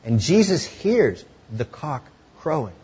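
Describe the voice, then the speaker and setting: Brief: male preacher, husky voice, conversational sermon delivery, muffled lo-fi recording. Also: fairly high pitch, big pitch swings, takes it slowly. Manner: conversational, drops to hushed tones for emotional moments.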